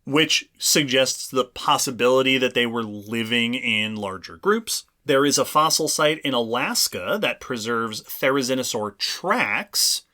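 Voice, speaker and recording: A man's voice: mid-range voice, animated, measured pace, hardly any pauses, bright, forceful tone. A man co-hosting a casual podcast, explaining at length with frequent restarts. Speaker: podcast co-host. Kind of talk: casual chat.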